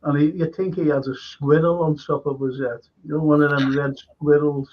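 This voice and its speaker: A man's voice: on the high side, steady tone, normal speed, a little hiss or hum. A man hosting a livestream, chatting casually and telling rambling anecdotes with many restarts. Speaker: livestream host. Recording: dull lo-fi stream audio.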